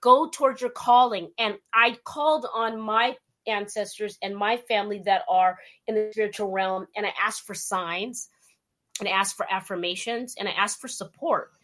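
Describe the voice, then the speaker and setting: A woman's voice: mid-range voice, steady tone, moderate pace, a bit bright. A woman from California hosting an interview, upbeat and affirming, with playful shifts in her voice. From West Covina, California. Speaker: show host.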